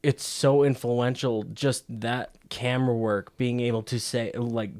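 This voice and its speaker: A man's voice: mid-range voice, steady tone, unhurried, a little mellow, dry recording, clean studio sound. A man co-hosting a casual movie podcast, explaining film camera work at length with many fillers and restarts. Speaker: podcast co-host.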